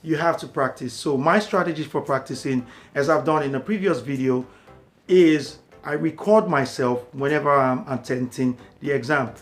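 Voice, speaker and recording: A man's voice: medium pitch, normal speed, faint music behind. A man tutoring for a language exam, explaining steadily and repeating key words for emphasis. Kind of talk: instructional talk to camera.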